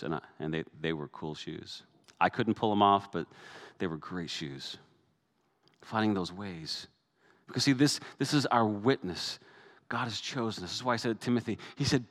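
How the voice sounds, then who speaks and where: A middle-aged man with a fairly low voice delivers a sermon as pastor. His preaching stays conversational and relaxed, then climbs to emphatic, raised peaks. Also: a little fast.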